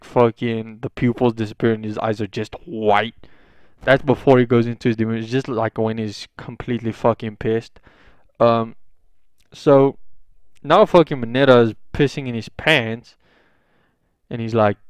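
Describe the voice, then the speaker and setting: A man's voice: medium pitch, clear, resonant tone, dry recording. Rambling, swearing young man telling a story. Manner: rambling, heavy swearing, many fillers. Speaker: fan fiction storyteller. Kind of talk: casual improvised storytelling.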